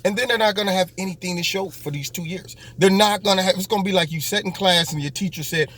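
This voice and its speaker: A man's voice: high voice, fast, hardly any pauses, fairly bright tone. Sarcastic male political talk-show host. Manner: sarcastic, acts out mocking voices. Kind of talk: political commentary monologue.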